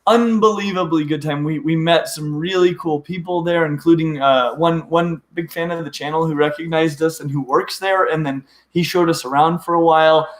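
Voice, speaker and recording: A middle-aged man chatting on a live stream with a fairly high voice, tumbling eagerly through his thoughts and restarting sentences. The room around him is echoey. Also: fairly even intonation, moderate pace, few pauses. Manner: rambling, restarts often, eager. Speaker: host of a reptile channel. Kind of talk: casual live-stream chat.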